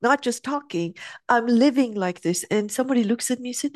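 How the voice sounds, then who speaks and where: A middle-aged woman speaking as a guest in a conversation, telling stories and acting out quoted voices with lively shifts. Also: a little high, fairly quick, dry recording, studio quality. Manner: reflective, acts out quoted voices animatedly. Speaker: guest sharing spiritual reflections. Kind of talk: conversational storytelling.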